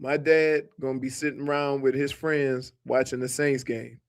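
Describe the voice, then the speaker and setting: A man from New Orleans with a local accent, co-hosting sports radio and telling animated stories with frequent laughs. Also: mid-range voice, moderate pace. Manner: animated storytelling, laughs often. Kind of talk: casual radio banter.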